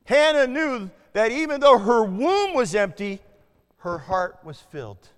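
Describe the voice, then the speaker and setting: A man preaching a sermon to a congregation, swinging between loud declarations and hushed asides and asking his listeners questions. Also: extremely high pitch, very animated, a little slow, smooth, big-room sound. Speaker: pastor.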